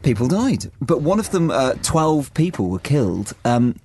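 A man's voice: medium pitch, sing-song, moderate pace, a little mellow, husky. A British man co-hosting a casual podcast chat, telling stories with a jokey, rambling manner. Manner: chatty, jokey storyteller with um and uh. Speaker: podcast co-host.

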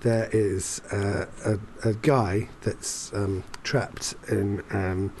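A man's voice: lowish voice, level tone, extremely slow, a little mellow, slight background noise. A man chatting casually as a podcast co-host, telling rambling anecdotes full of fillers and restarts. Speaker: performance poet. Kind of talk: casual chat.

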